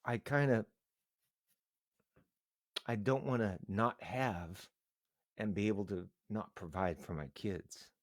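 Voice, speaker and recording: A middle-aged man with a very low voice talks candidly on a live stream, earnest and halting, often restarting his thoughts. The sound is dry and close, with no room echo. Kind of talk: casual emotional live-stream talk.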